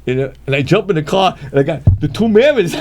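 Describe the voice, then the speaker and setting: An older man spins a street story in a casual chat. His pitch swings freely as he acts out the voices of the people in it, and he chuckles often along the way. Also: lively intonation, brisk, darkish tone, soft background music. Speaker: guest storyteller.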